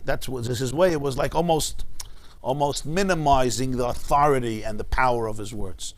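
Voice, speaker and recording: A man teaching a Talmud class to a congregation, animated and emphatic, with rhetorical asides. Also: mid-range voice, normal speed. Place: synagogue class.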